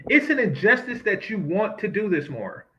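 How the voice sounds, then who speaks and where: A man's voice: sits high, sing-song, moderate pace, pushed and bright, lo-fi sound. A man ranting in sarcastic, profane commentary as he reacts to news clips. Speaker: commentary host.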